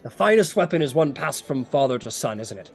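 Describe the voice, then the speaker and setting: A man voicing a big, boisterous, hard-drinking warrior who talks loud and pushy, over faint music. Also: mid-range voice, big pitch swings, fairly quick, gravelly. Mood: hearty.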